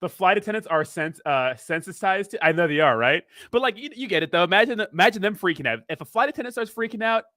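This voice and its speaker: A man chats loosely on a livestream, rambling and joking as he answers viewer comments. His voice sits a little high for a man, and the sound is close and dry, with no room echo. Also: lively intonation, fast, hardly any pauses, bright, forceful tone. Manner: rambling, joking, reads chat aloud. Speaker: crypto livestream host. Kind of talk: casual livestream chat.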